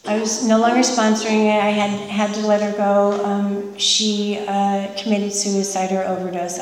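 A woman giving a candid, emotional personal testimony as a speaker at a recovery meeting, often pausing with fillers. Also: mid-range voice, a little mellow, slight background noise. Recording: echoey hall from far off.

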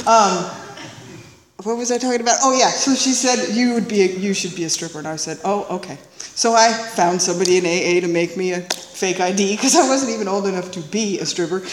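Woman telling her story in an echoing hall. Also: medium pitch. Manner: animated, confiding, laughs often, asks "right?". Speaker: speaker sharing a recovery story. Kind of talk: storytelling talk to an audience. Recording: roomy hall reverb, faint noise.

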